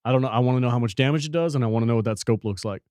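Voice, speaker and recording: A man's voice: mid-range voice, very fast, darkish tone, dry recording, studio quality. A man co-hosting a gaming podcast in casual chat, laid-back and prone to swearing and laughing. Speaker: podcast co-host.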